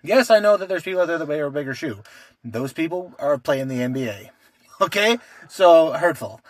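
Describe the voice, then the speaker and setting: A man with a somewhat high voice chats casually on a podcast. His stories ramble and he swears freely. The sound is dry and close, with no room echo. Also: expressive, normal speed. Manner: loose, rambling storytelling with frequent swearing. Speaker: podcast co-host. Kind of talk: casual chat.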